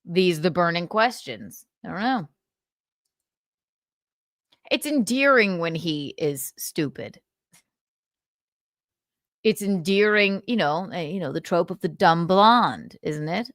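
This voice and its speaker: A woman's voice: fairly low pitch, expressive, slow pace, long pauses, a bit bright, dry recording, studio quality. A young woman hosting a livestream, chatting casually and reading viewer comments, giggling and losing her words as she rambles. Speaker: livestream host.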